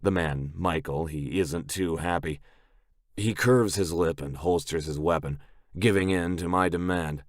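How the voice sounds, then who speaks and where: Male audiobook narrator, very deep, gruff and intense, dry booth. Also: unhurried, no room sound. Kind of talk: scripted first-person narration.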